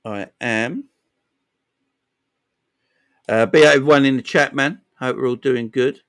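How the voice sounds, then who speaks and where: A man's voice: mid-range voice, slow pace, a bit bright. A young man with a London East End accent, hosting a football live stream and chatting back to his viewers, repeating phrases and tagging lines with "man" and "yeah". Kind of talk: casual live-stream chat.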